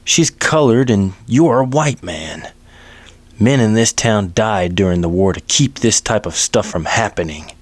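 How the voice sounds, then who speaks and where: A man's voice: fairly low pitch, expressive, unhurried, no room sound. A man voicing a bigoted, sneering frontier doctor, spitting his words with contempt. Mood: contemptuous.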